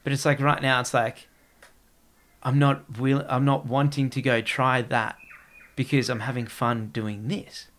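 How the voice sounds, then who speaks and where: A man's voice: medium pitch, little pitch movement, a little slow, a bit bright. A man in casual podcast chat, rambling and peppering his talk with "like". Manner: rambling, heavy use of "like".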